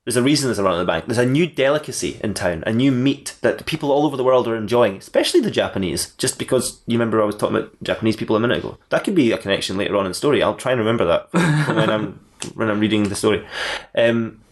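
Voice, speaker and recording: A man's voice: fairly low pitch, lively intonation, very fast, few pauses. A man co-hosting a podcast who reads his comic fan fiction aloud, rambling off on tangents and laughing at his own jokes. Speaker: podcast co-host.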